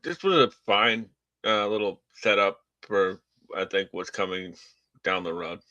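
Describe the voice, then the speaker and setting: A man with a Boston accent co-hosting a wrestling podcast in casual chat, stammering and halting with many fillers. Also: fairly low pitch, sharp tone, no room sound, dull audio.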